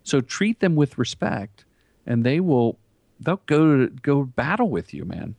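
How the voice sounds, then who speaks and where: A man's voice: medium pitch, sing-song, a little slow, gravelly, darkish tone, dry recording. A middle-aged man, a commercial director and comedian, telling anecdotes in an interview and acting out quoted lines. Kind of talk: storytelling interview talk.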